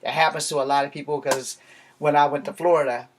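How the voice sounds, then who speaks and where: A man's voice: a little high, fairly even intonation, fast talker, slight background noise. A man from Virginia talking straight to his viewers in a rambling, profane rant, blunt and heated. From Virginia, USA. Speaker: vlogger. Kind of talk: casual ranting monologue.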